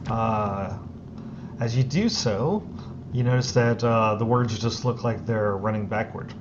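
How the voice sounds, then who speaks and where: Slow, halting man narrating as game master. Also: lowish voice. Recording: lo-fi recording with clear background noise.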